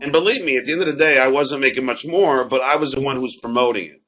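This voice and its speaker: A man defending himself on a talk show, telling a story with halting, stammered, repeated words. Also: mid-range voice, fairly bright tone, soft background music. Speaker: comedian and show host. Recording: dull lo-fi sound.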